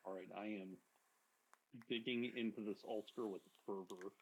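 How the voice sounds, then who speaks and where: A man with a deep voice, a guest on a live stream, chatting in a laid-back, joking way. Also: steady tone, moderate pace, a little hiss or hum, low-quality recording. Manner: laid-back, self-deprecating humor. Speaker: guest artist. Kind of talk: casual live-stream chat.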